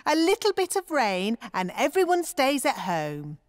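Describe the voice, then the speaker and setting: A woman's voice: high voice, huge pitch swings, a little slow, big-room sound, full character voice. A woman voicing a chatty female rabbit shopkeeper in a cartoon. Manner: chatty, breezy.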